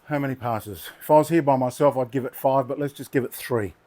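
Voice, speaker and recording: A man's voice: medium pitch, fast, warm tone. A man hosting a knife sharpening video, chatting casually and muttering to himself as he works. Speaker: knife sharpening channel host. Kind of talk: casual hands-on demonstration.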